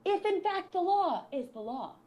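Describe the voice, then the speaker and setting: A young adult woman co-hosting a podcast, telling a story in a casual, animated, profane way and acting out what people said. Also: extremely high pitch, moderate pace. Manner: animated, profane, acts out quoted voices. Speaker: podcast co-host.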